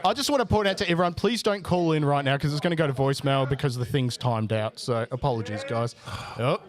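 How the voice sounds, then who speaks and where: A man's voice: mid-range voice, fast. A man hosting a casual live show, talking with frequent hesitations and fillers. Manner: hesitant, lots of fillers, reading aloud. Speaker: podcast host. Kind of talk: casual live-stream chat.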